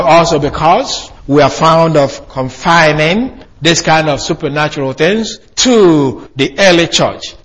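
A male preacher delivering a sermon in a somewhat husky, slightly high voice. His pitch swings widely as he presses his points. He stops and restarts often between quoted passages. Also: fairly bright tone. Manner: emphatic, hesitant with many restarts. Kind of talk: sermon with read-aloud quotes.

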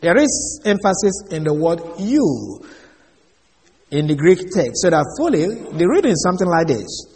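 A man giving an expository Bible lesson, measured and explaining Greek words one by one. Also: sits high, sing-song, a little mellow, long reverb tail. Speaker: Bible teacher.

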